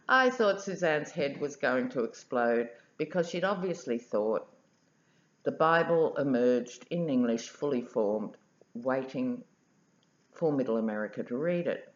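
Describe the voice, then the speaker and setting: A woman's voice: extremely low pitch, lively intonation, slow, long pauses, roomy sound. A woman, a tarot reader, chatting wryly in a casual vlog. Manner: wry and chatty. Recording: dull lo-fi audio.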